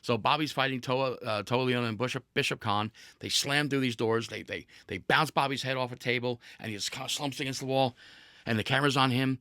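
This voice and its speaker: On his casual podcast, this host spins an energetic story punctuated by laughs and restarts. His mid-range voice is fairly quick with a sharp tone, and the studio-quality recording is dry.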